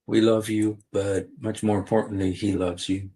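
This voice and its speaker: A man's voice: low voice, level tone, normal speed, dark tone. A man hosting a casual livestream, rambling with many fillers and restarts. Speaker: livestream host.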